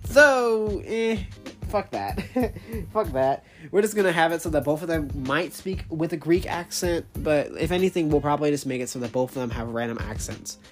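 A person casually explaining the characters they created, rambling with many fillers, self-corrections and the odd swear. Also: mid-range voice. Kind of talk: casual unscripted talk.

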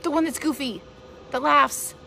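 A woman's voice: high-pitched, normal speed, creaky, sharp tone, a little hiss or hum. A woman hosting a casual live-stream podcast, rambling earnestly and encouraging her listeners as a mother sharing her thoughts.

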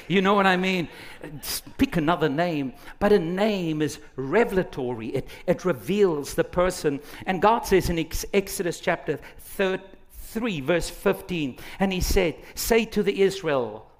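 A middle-aged male pastor preaching a sermon, animated, acting out quotes with big swings from quiet to loud. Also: on the high side, measured pace. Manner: animated, dramatic swings in loudness, acts out quotes.

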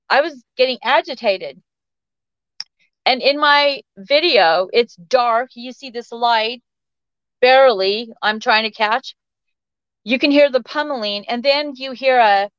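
A woman's voice: sits high, fairly bright tone, clear, resonant tone, dry recording. A woman guest telling personal stories in a rambling way, with lots of fillers and restarts. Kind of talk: casual storytelling interview. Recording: dull lo-fi audio.

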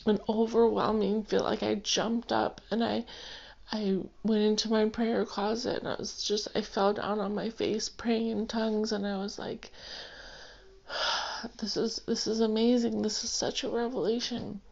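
A woman's voice: mid-range voice, flat delivery, unhurried, gravelly, pauses often, a little mellow. A woman sharing a personal Christian testimony, earnest and rambling with many fillers, seated indoors. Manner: emotional, close to tears. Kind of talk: personal testimony, casual storytelling. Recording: dull, lo-fi home recording.

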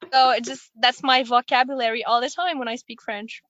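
A woman's voice: on the high side, normal speed, a bit bright, no echo, lo-fi sound. A woman guest in a casual podcast chat, talking in a candid, playful way.

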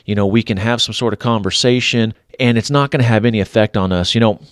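A man's voice: fairly low pitch, fast talker, no echo, studio quality. A man preaching on a devotional podcast, earnest and exhorting, often restarting his sentences.

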